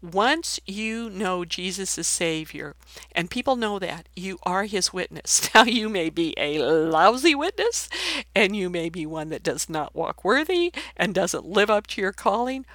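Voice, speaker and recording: A woman reading a Bible passage aloud, then commenting on it in a conversational, animated sermon style. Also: fairly low pitch, unhurried, dry recording. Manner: conversational, animated, laughs while teaching. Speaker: Bible teacher.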